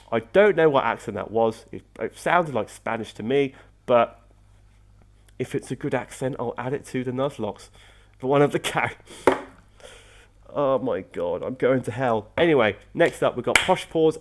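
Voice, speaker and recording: A man's voice: mid-range voice, animated, normal speed. A young man, casually commentating on his game team, chatty with frequent self-corrections. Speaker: competitive Pokémon player and video host.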